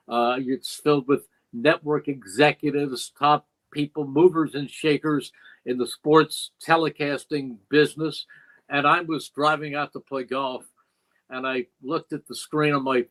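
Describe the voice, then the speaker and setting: A man's voice: a little high, fairly bright tone, low-quality recording. An older man, a longtime play-by-play broadcaster, telling stories as a guest in a podcast interview. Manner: reflective, emotional retelling with quoted dialogue. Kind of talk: interview storytelling. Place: podcast studio.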